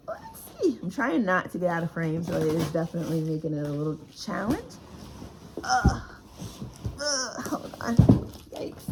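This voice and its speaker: A woman's voice: medium pitch, noisy background. A woman author unboxing her own book in a casual vlog, chatty and emotional with frequent exclamations.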